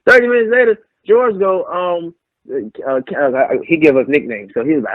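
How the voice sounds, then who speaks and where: A man's voice: a little high, moderate pace, dry recording. Young man on a tinny phone-like line. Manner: animated storyteller, acts out quotes. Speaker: pro wrestler, guest. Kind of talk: casual storytelling interview.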